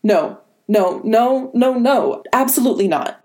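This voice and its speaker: A woman's voice: on the high side, animated, measured pace, a little mellow, voice pushed up. A woman voicing a frightened teenage boy hero who sounds strained and nervous but still cracks jokes. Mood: defiant.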